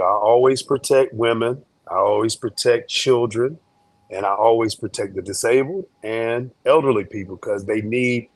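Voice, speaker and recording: A man, a guest in an interview, telling a story in a joking, slangy, animated way. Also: mid-range voice, dry recording.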